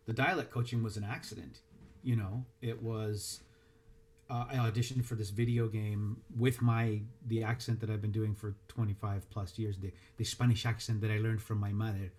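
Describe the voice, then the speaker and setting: A man who is a voice actor and dialect coach, answering interview questions in a reflective, halting way with many restarts. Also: on the low side, darkish tone.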